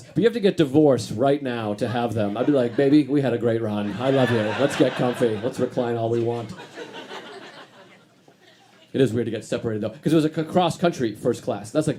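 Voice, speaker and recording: A man's voice: mid-range voice, warm tone, a little hiss or hum. A man doing a stand-up comedy set on stage, talking in a dry, grumpy, self-deprecating way. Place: comedy stage before a live audience.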